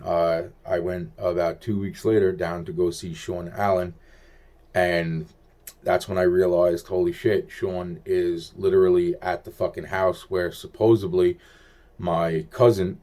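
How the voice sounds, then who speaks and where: Rambling, profane man with a low voice. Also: a little mellow. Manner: heavily profane, rambling, restarts sentences. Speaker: vlogger recounting personal events. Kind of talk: rambling first-person monologue.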